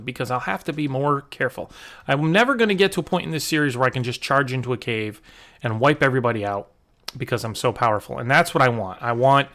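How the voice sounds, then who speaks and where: Male gaming host, mid-pitch, casual rambling commentary over gameplay. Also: a bit bright. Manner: chatty, rambling with fillers and restarts. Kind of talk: casual let's-play commentary.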